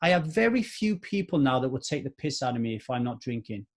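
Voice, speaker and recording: A man's voice: mid-range voice, very animated, brisk. A man in his forties hosting a solo motivational podcast, earnest and repeating points for emphasis. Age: 40s. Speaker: podcast host.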